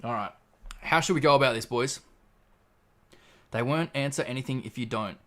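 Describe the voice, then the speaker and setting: An Australian man hosts a livestream, laid-back and swearing freely while reading out chat messages. His voice is mid-range and fairly bright, at normal speed.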